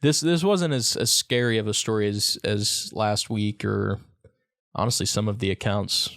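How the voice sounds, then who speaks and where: Laid-back low-voiced podcast host. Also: male voice, moderate pace, vocal fry, a bit bright. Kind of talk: casual chat.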